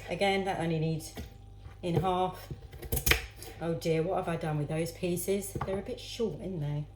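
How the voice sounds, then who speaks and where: A woman's voice: fairly low pitch, steady tone, moderate pace, heavy background noise. Chatty woman cooking in an echoey kitchen. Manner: chatty, talks to herself and viewers while chopping. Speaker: home cooking vlogger. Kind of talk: casual cooking vlog. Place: home kitchen. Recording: echoey kitchen with clattering pans.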